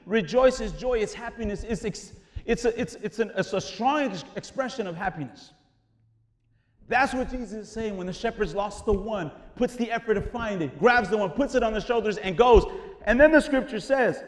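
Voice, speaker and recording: A man preaching a sermon in an animated, conversational way, dropping casual slang as he explains. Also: extremely high pitch, normal speed, long reverb tail. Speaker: pastor.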